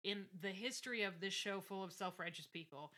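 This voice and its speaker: A woman co-hosting a casual podcast, recapping an episode with lively enthusiasm and frequent swearing. Her voice is very bright and sharp, at a middle pitch for a woman. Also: a little fast. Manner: enthusiastic, profane, animated. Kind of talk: casual chat.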